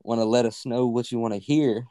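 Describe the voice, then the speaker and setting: A man's voice: mid-range voice, fairly even intonation, fairly quick, dark tone, no room sound. A young man co-hosting a podcast, rambling in casual, unscripted chat full of fillers and swearing. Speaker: podcast co-host.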